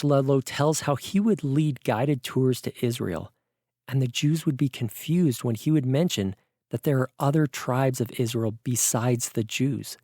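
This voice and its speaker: A man's voice: medium pitch, mellow, no room sound, studio quality. A man giving a vlog sermon, explaining in an earnest, teaching way. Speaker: preacher.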